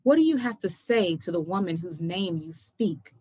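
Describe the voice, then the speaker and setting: A young woman poet reading her poems aloud at a virtual event, measured and emphatic, pressing hard on the questions. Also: on the low side, expressive, warm tone, breathy edge, no room sound. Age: young adult. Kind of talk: poetry reading. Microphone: video call.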